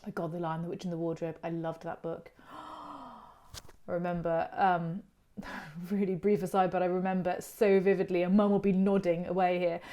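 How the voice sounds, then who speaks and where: A woman's voice: lowish voice, moderate pace, dark tone. Chatty woman hosting a history chat. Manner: chatty and digressive, telling stories on herself. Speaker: host of an online art channel's chat series. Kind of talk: casual educational chat.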